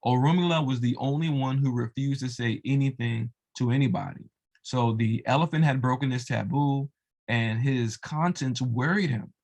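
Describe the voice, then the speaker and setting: A man casually retells a devotional folk tale as a storyteller of religious tales, loose in style and full of fillers and asides. His mid-range voice is a little mellow and moves at a normal speed.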